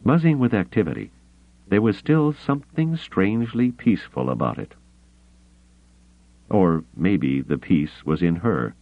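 A man narrating a novel as an audiobook, reading dramatically with measured pauses. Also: sits low, lively intonation, no room sound. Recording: tinny phone-like audio.

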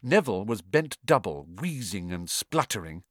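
A man narrating an audiobook in an expressive, dramatic reading. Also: fairly low pitch, moderate pace, dry recording, clean studio sound.

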